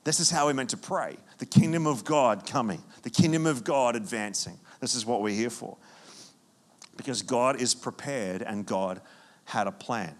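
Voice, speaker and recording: A man preaching a sermon, with animated storytelling and frequent restarts. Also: medium pitch, moderate pace. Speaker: pastor.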